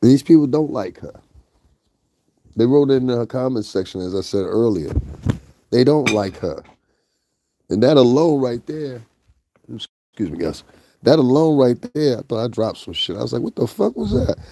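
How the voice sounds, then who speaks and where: A man's voice: mid-range voice, expressive, moderate pace, pauses often, mellow, no room sound. Blunt Northeastern man, dry close sound. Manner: blunt and profane, talks straight to viewers. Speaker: commentary vlogger. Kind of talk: casual gossip commentary.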